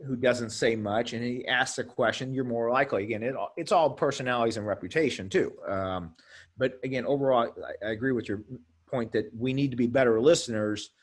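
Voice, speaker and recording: Guy rambling about reffing, mid pitch, keeps restarting and repeating himself. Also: brisk. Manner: rambling, repeats words, acts out coaches' retorts. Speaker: officials association president. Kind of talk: casual discussion.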